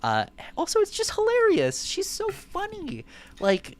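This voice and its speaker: A man's voice: very high voice, wildly swooping pitch, a little slow. A man co-hosting a casual film podcast who gushes with praise. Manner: effusive, gushing praise. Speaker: podcast co-host.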